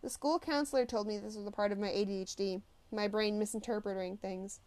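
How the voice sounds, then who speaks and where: A woman's voice: medium pitch, steady tone, fairly quick, a little mellow. Woman telling a story expressively. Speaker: audiobook narrator. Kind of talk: scripted first-person narration.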